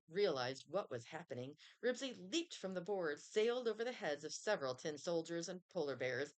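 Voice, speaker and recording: A woman reading a children's chapter book aloud in an expressive storytelling manner. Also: low-pitched. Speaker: reader.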